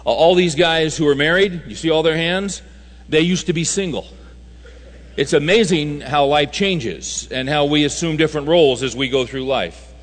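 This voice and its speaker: A man's voice: on the high side, moderate pace. Guy preaching to a big men's conference, folksy jokes, repeats himself for emphasis, hall echo. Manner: storytelling, folksy humor, emphatic repetition. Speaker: conference speaker. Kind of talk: sermon. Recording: reverberant hall recording.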